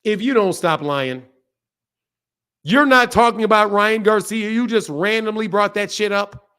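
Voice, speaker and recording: A boxing channel host runs a heated live debate stream, combative and blunt, swearing and repeating himself as he talks over the other speaker. His high voice is sharp yet clean, at a measured pace.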